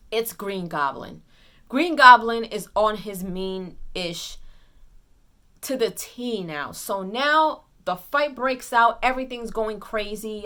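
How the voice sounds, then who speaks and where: Woman excitedly recapping a movie plot. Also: medium pitch. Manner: excited retelling, acts out characters' lines; rambling with fillers and restarts. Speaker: movie reviewer. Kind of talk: casual spoiler movie recap.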